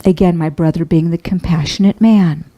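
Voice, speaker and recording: A middle-aged woman minister giving a sermon, telling a personal story in a tender, heartfelt, halting way. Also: on the low side, steady tone, warm tone, dull audio.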